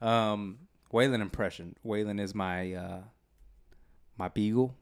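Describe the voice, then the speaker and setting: A man's voice: on the low side, steady tone, a little slow, smooth. A man co-hosting a podcast in casual chat, joking and laughing often. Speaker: podcast co-host.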